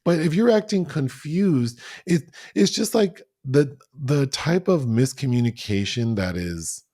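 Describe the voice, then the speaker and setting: A man's voice: medium pitch, measured pace, no room sound, clean studio sound. A man co-hosting a podcast, recapping a TV drama in casual, profane chat and acting out the scenes with gusto. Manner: animated, profane, acts out scenes. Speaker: podcast co-host.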